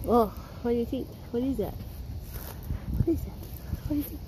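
A high-voiced woman coos at her dogs in a doting, unhurried way, her pitch swooping up and down. The recording is outdoors in a yard, with clear outdoor noise behind her. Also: sing-song, dark tone, poor audio. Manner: cooing, doting. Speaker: dog owner.

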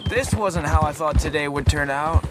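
A man's voice: a little high, normal speed, over loud music, lightly acted. An actor playing a troubled young man in a video game, talking in an earnest, hesitant, plaintive way. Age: young adult. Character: troubled young man, timid and self-doubting. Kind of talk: video game cutscene dialogue. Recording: loud game score behind the voice.

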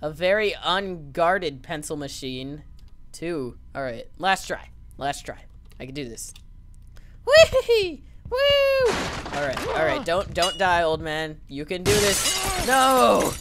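A woman's voice: low voice, lively intonation, unhurried. Playful woman commentating a game. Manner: playful, yelps and jokes. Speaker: gaming commentator. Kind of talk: let's play commentary. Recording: background noise.

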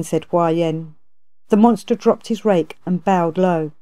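A woman narrating a classic novel aloud in a measured, even way. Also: on the low side. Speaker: audiobook narrator. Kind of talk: storybook narration.

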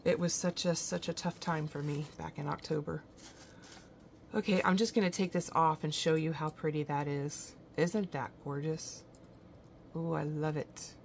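A woman's voice: sits low, fairly even intonation, moderate pace, creaky, slight background noise. A woman hosting a craft vlog, gushing with admiration as she shows off handmade gifts indoors. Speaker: craft channel host. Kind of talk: show-and-tell unboxing vlog.

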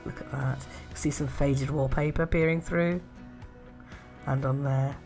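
A woman chatting casually in a craft haul video, gushing with soft admiring murmurs and little laughs. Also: rumbling low, fairly even intonation, unhurried, soft background music. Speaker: art and craft vlogger.

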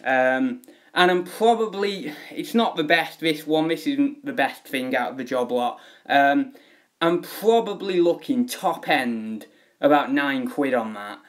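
A man's voice: medium pitch, lively intonation, measured pace. A young man chatting casually on a home live stream, rambling with many fillers.

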